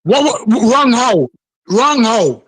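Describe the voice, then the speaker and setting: A man's voice: very high-pitched, very animated, slow, slightly rough, dry recording, poor audio. Insistent man repeating pointed questions. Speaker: panelist. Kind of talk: live debate.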